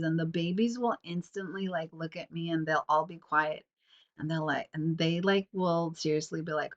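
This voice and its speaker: A woman's voice: low voice, normal speed. A young woman with a stuffy nose hosting a casual solo podcast at home, rambling and chatty with many fillers. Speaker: podcast host. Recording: dull lo-fi sound.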